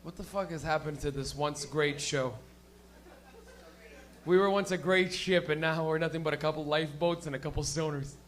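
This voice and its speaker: Giggly high-voiced stoned comedy host. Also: male voice, steady tone, normal speed, a bit bright. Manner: rambling, giggly, stoned banter. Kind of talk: stand-up crowd work. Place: small comedy stage with live audience.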